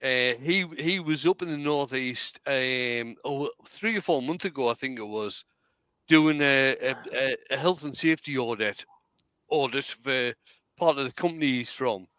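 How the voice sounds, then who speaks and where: A man's voice: mid-range voice, unhurried, pushed and bright, clean tone, no echo, highs cut off. A man with a County Durham accent, chatting and telling stories on a live stream, laughing and repeating words as he goes. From County Durham, England. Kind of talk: casual chat.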